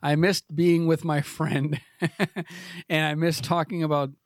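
Podcast host, forties, rambling and self-deprecating, stammers restarts, slightly high voice. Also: male voice, flat delivery, slow, no room sound, clean studio sound. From New England. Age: 40s. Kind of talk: rambling comedic podcast chat.

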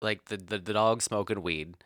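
A man's voice: lowish voice, moderate pace, a bit bright, no echo, studio quality. A man co-hosting a podcast, chatting casually, rambling with lots of fillers and easy swearing. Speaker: podcast co-host. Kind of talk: casual chat.

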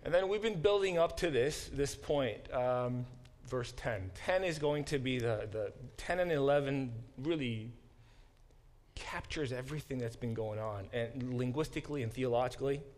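A man, a biblical studies professor, giving a classroom lecture, pausing to unpack Hebrew words and acting out quoted speech with dramatic emphasis. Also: medium pitch, darkish tone.

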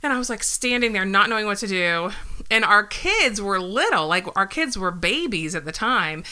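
Co-host woman in her 30s, crisp bright tone, animated storyteller who laughs a lot. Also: mid-range voice, moderate pace. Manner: animated, laughing, acts out her own squeals. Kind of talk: casual storytelling chat.

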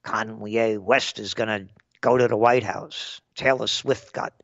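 A man's voice: on the low side, fairly even intonation, unhurried, gravelly, a bit bright, no echo. An older man giving an angry, sarcastic political rant as a commentator, punchy and blunt, in a dull, dry recording.

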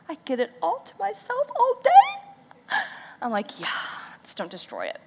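A woman speaking at a church service, telling a playful, self-mocking story with animated, acted-out quotes. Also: mid-range voice. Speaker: church speaker, pastor's wife. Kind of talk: storytelling sermon.

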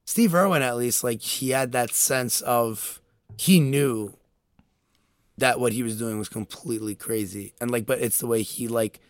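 A man's voice: medium pitch, a little slow, no room sound, clean studio sound. A young man in casual chat, telling a story animatedly with lots of fillers and laughter. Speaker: podcast co-host.

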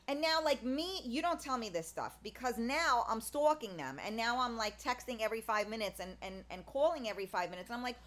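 A woman's voice: fairly high pitch, expressive, a little fast, few pauses. A woman talking in a casual, rambling monologue, full of fillers and restarts, blunt and candid. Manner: candid, blunt, swears in passing.

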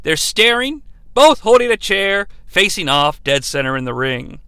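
A man's voice: high voice, very animated, measured pace, sharp tone, clear, resonant tone, no echo. A man hosting a podcast, giving a theatrical, mock-dramatic play-by-play recap. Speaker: podcast host.

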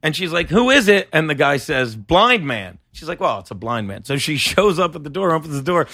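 High, bright-voiced man telling loud stories. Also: brisk, slightly rough, dry recording, studio quality. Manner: loud animated storytelling, bursts into high shouting impressions and laughter. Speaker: comedian podcast host. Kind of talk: casual storytelling chat.

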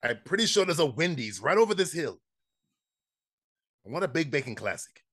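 A man's voice: on the high side, big pitch swings, moderate pace, a bit bright, slightly rough. A man making fun of a movie with friends in loose, mocking banter, laughing often. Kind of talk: casual riffing movie commentary.

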